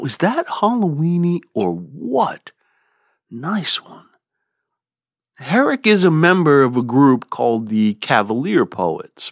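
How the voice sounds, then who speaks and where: A man hosting a literature podcast, explaining a poem in an expressive, lively way with playful asides. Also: on the low side, dry recording, clean studio sound. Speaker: podcast host. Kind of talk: literature lecture.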